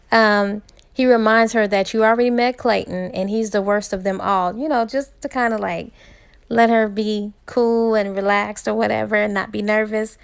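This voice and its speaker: A woman's voice: mid-range voice, gravelly, clear, resonant tone. A young woman casually retelling a romance novel, chatty with frequent laughs and fillers. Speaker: book reviewer.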